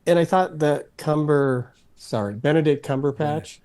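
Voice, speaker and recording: A man on a podcast panel in a casual film discussion, talking in a halting way full of restarts and fillers. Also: on the high side, darkish tone.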